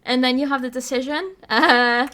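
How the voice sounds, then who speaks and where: A woman's voice: high-pitched, normal speed. A woman podcast host, casually retelling a video game story with lots of laughter. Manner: animated storytelling, laughs often.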